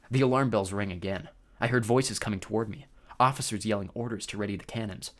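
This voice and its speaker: A man narrating a first-person audiobook with expressive storytelling. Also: fairly low pitch, quick pace.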